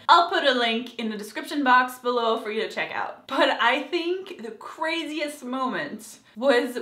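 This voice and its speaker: A young woman giving an animated, gushing review of a TV episode in a casual vlog, acting out quotes as she goes. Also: on the high side, reverberant.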